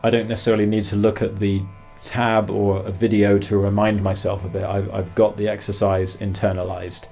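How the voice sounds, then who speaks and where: A man giving a guitar masterclass, calmly explaining practice exercises and counting beats aloud between demonstrations. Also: on the low side, fairly quick, gravelly, few pauses. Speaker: guitar teacher. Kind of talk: masterclass instruction. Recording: faint guitar music behind. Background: guitar playing.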